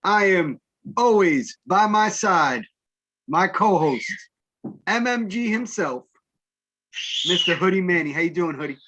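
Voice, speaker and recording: Bright-voiced man hosting a sports show. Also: high-pitched, lively intonation, a little slow, long pauses. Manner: playful, mock-formal banter. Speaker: show host. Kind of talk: casual sports talk show.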